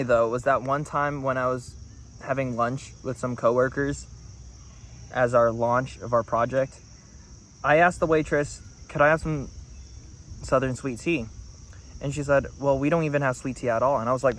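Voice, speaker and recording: A man's voice: a little high, fairly bright tone, a little hiss or hum. A man talking to the camera in a rambling, earnest monologue. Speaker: vlogger.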